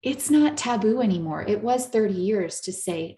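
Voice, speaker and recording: A woman therapist giving an earnest, coaching talk to a live audience, slowing down to stress her points. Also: medium pitch, lively intonation, dark tone, roomy sound. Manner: earnest, coaching, slows down for emphasis. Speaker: therapist and speaker.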